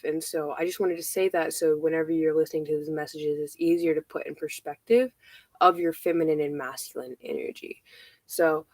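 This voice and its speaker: A woman giving a casual tarot reading, out of breath, halting and repeating herself with many fillers. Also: low-pitched, darkish tone, no room sound, poor audio. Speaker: tarot reader.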